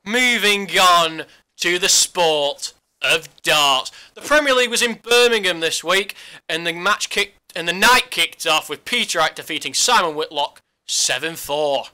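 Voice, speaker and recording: A man's voice: sits high, expressive, unhurried, bright, forceful tone, clear, resonant tone. A man co-hosting a casual sports podcast, teasing his partner in jokey banter. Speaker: podcast co-host.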